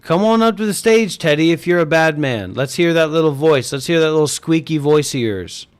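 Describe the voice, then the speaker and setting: Male voice chat host, slightly high, crude and abrasive. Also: animated, fairly quick, clean tone. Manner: crude, swearing, insulting. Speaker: host of an online voice chat stage. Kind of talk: casual chat. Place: online voice chat.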